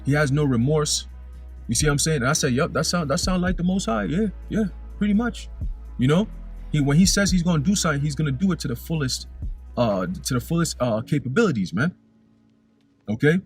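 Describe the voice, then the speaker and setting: A man's voice: fairly high pitch, expressive, a little fast, darkish tone, breathy edge, soft background music. A young man preaching in a casual way, reading scripture verses aloud and often ending his lines with "man". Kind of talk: informal scripture teaching.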